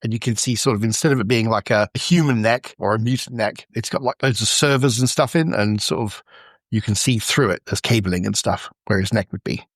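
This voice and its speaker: A man's voice: fairly low pitch, fairly quick, dry recording, studio quality. A man running a tabletop game, narrating the scene in a loose, improvised way full of "sort of" and "like". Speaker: game master.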